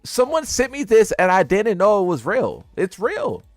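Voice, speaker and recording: A male gaming streamer with a fairly high voice that swings widely up and down as he reacts. His delivery is teasing and incredulous. The recording is close and dry, with faint music playing underneath. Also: wildly swooping pitch, normal speed, no echo. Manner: incredulous, teasing, laughs at what he reads. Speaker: gaming content creator. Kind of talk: casual commentary to viewers.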